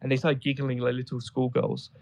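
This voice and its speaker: Gravelly-voiced man telling rambling stories. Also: medium pitch, completely flat delivery, a little fast, a little mellow, low-quality recording. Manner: rambling, amused storytelling with many fillers. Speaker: guest describing travels in Afghanistan. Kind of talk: casual conversation on a voice chat.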